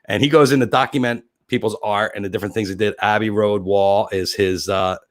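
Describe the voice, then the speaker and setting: A man's voice: on the low side, steady tone, a little fast, no room sound. A middle-aged man hosting his own livestream show, talking in a rambling, heartfelt and openly emotional way. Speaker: host.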